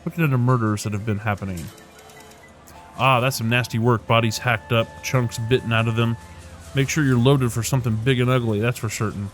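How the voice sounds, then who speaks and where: A man's voice: mid-range voice, fairly even intonation, fairly quick, faint music behind, close to an everyday voice. Man putting on a blunt Irish woman ex-ranger. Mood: wry. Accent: Irish, put on. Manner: wry, blunt, folksy slang.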